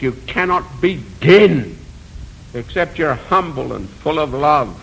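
Male preacher, high voice, earnest rhetorical sermon delivery. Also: gravelly, a bit bright, low-quality recording. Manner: earnest, rhetorical, rising emphasis on repeated phrases; self-deprecating asides.

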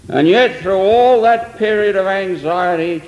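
In a large hall with a long echo, an older preacher delivers an earnest sermon testimony, telling a story with emphatic swells. He has a high voice and a measured pace, and the audio sounds dull.

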